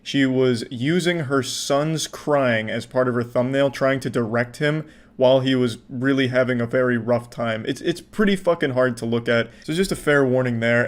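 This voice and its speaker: A man hosting a video reaction show, giving dry, deadpan, profane commentary. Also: medium pitch. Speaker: online video reaction host.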